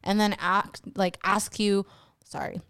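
A woman's voice: mid-range voice, level tone, a little slow, fairly bright tone, smooth. A woman co-hosting a podcast in a studio, talking in a laid-back way, laughing often and swearing casually. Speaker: podcast co-host. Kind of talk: casual chat.

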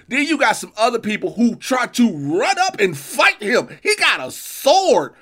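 A man co-hosting a movie podcast, joking loudly and acting out scenes as he riffs. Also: high voice, normal speed, hardly any pauses. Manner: animated, joking, acts out scenes. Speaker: podcast co-host. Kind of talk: comedic movie review chat.

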